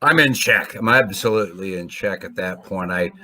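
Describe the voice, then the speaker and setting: A man playing a tabletop game, describing his character's actions slowly and deliberately. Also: low-pitched, a crowd in the background. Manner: slow, deliberate. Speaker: player. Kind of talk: in-character play narration.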